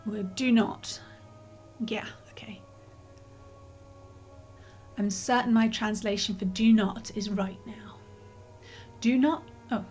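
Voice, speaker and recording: A woman streamer chatting casually over a game, rambling and apologetic, a little out of breath and yawning. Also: medium pitch. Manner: rambling and apologetic, many restarts and fillers. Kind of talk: casual let's-play commentary.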